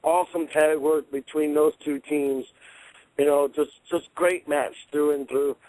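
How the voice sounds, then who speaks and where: A man's voice: on the high side, fairly even intonation, measured pace, a little mellow, no room sound, poor audio. A man giving an upbeat rating of a wrestling show as a guest on a talk radio program. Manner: enthusiastic, fillers like "you know". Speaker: guest panelist. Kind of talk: casual wrestling review on radio.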